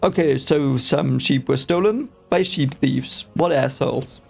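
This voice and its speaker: A man's voice: medium pitch, a little slow, creaky, darkish tone, husky, soft background music. A man whose first language is German, casually reading a book aloud for the first time and reacting with rambling, hesitant, exasperated asides.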